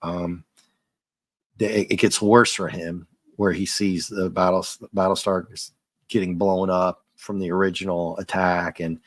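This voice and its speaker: A man's voice: low-pitched, dry recording. A man giving a casual, rambling comic book review as he reads along, chuckling often.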